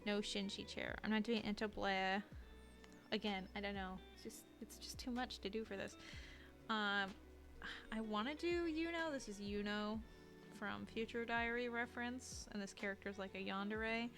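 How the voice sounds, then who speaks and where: A woman streamer chatting casually while she draws, rambling and self-deprecating, with lots of fillers and restarts and a habit of dropping to a low mutter as she works. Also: moderate pace, a bit bright, soft background music. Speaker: streamer and artist. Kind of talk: casual live-stream chat while drawing.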